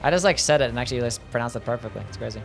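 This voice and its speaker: A man's voice: medium pitch, rapid-fire, vocal fry, faint music behind. A man streaming a video game, chatting casually, reading out viewer questions and swearing offhandedly. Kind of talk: casual gameplay chat reading chat.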